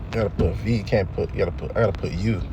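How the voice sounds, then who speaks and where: A man with a low voice talks in rapid bursts over a noisy background. He teaches scripture in a relaxed preaching style, reading verses aloud and explaining them plainly while repeatedly checking in with his listeners.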